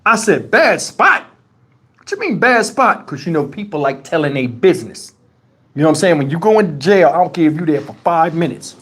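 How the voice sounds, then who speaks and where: A man's voice: fairly high pitch, animated, fast talker, breathy edge. A man hosting a livestream, telling a story in a casual, profane and colloquial way on a lapel mic. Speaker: channel host. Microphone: wireless lapel mic.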